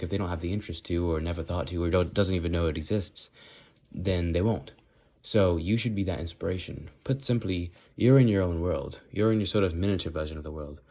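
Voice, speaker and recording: This teenage vlogger has a low, slightly mellow voice. Talking on the move in a casual walk-and-talk vlog, he rambles and thinks aloud, often breaking off mid-thought.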